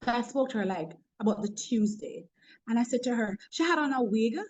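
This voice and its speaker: A woman's voice: on the high side, brisk, a little mellow, low-quality recording. A woman with a Jamaican accent, a motivational speaker in a webinar talk, humorous and preachy, telling stories from work.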